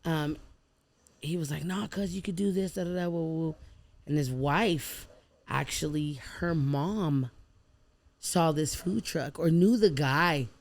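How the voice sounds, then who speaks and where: Gravelly-voiced woman telling her story. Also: low voice, a little slow. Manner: animated, acts out quoted people with slang and prayer. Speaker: podcast guest, food truck owner. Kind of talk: casual podcast storytelling.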